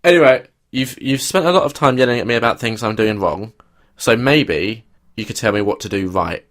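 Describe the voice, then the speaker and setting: A man's voice: on the low side, moderate pace. A young man co-hosting a podcast, joking and teasing in casual chat. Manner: joking, teasing, tries out growly voices. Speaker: podcast co-host.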